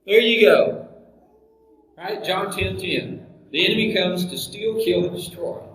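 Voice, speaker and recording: A man's voice: high voice, measured pace, fairly bright tone. A man preaching a sermon as pastor, emphatic, full of rhetorical questions and scripture references, recorded from far off in an echoey hall.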